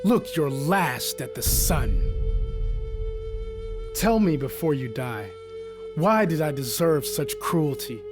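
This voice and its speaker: A fierce warrior king calls out his foes in a commanding, scornful voice, pitched a little high and ringing, as a male narrator puts him on. Music plays steadily behind him in this epic audiobook. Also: sing-song, slow, long pauses. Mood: contemptuous. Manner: commanding, scornful, shouting out challenges. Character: fierce triumphant Zulu king, adult man.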